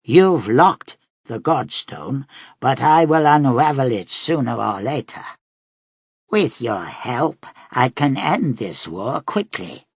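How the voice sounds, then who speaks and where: A man's voice: medium pitch, gravelly, breathy edge, no room sound, clean studio sound, voice pushed up, exaggerated voice. A male audiobook narrator voicing a ruthless possessed man who barks orders and then turns coaxing.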